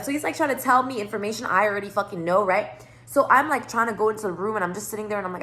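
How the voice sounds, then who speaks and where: A woman's voice: mid-range voice, very fast, pushed and bright. A woman telling a rambling story in a casual monologue, swearing a lot and stressing her words. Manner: profane, rambling, emphatic. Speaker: tarot reader.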